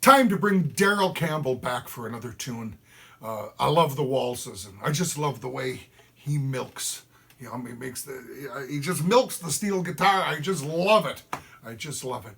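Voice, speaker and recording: A man's voice: mid-range voice, lively intonation, measured pace, vocal fry, sharp tone, husky. A man hosting his fiddle music show, introducing tunes with folksy enthusiasm and humming a melody. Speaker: host and fiddler.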